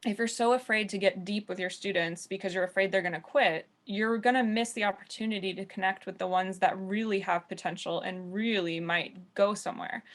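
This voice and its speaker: A woman from the United States, a jazz musician, speaking candidly on an online panel discussion over a video call. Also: mid-range voice. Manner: earnest, candid storytelling.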